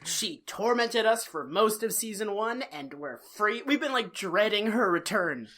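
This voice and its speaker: An exasperated male podcast co-host who rants and swears in casual chat. His pitch leaps upward as he gets worked up, then drops back to an everyday tone. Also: lively intonation, a little slow, bright, forceful tone.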